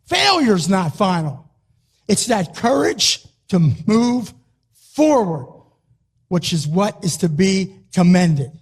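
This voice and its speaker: A man delivers a rousing motivational talk, his voice pitched high for a man. He hammers short phrases again and again like a wrestling coach pushing his team. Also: very animated, slow, slightly rough. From Philadelphia, US. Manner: emphatic, punchy, repeats short phrases. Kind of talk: motivational speech.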